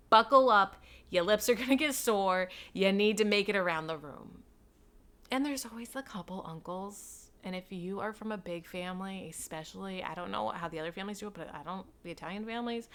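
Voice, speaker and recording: A woman's voice: mid-range voice, fairly quick, a bit bright. A woman in her thirties from New York, hosting her own podcast and telling stories in a chatty, self-deprecating way with playful asides. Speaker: podcast host. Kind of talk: casual solo storytelling.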